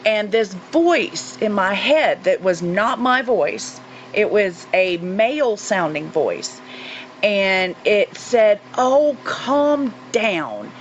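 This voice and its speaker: A woman in her forties from North Carolina, a guest recounting a personal experience in an earnest, halting way with many fillers. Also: medium pitch, animated. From North Carolina, USA. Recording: muffled recording with faint hiss.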